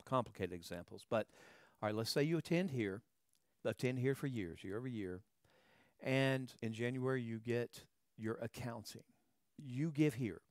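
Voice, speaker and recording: A male pastor preaches in a plain, mid-pitched voice, talking to the congregation like a friendly teacher. He keeps checking in with "okay?" and "all right" and stumbles over repeated words at the start of phrases. The sound is close and dry, with no room echo. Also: a little mellow. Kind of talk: sermon.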